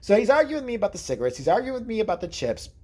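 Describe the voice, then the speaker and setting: A man giving a casual vlog update, crude and sarcastic, with a husky voice. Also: high voice, very animated, racing, darkish tone. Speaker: vlogger.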